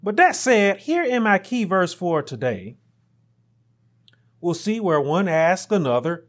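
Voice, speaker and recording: A man preaching a sermon as pastor, building to emphatic peaks and dropping to quiet asides. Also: sits high, very animated, measured pace.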